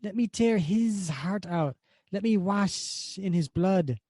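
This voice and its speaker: A man's voice: high-pitched, expressive, slow, darkish tone, dry recording, clean studio sound, voice pushed up, full character voice. A man voicing a male mutant who begs his master to let him kill. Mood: bloodthirsty.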